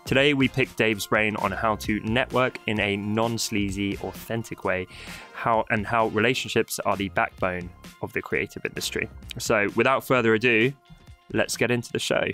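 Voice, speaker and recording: Bright-voiced British podcast host. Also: male voice, lowish voice, steady tone, moderate pace, soft background music. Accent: British English. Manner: playful, teasing, enthusiastic. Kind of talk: upbeat podcast chat with jokes.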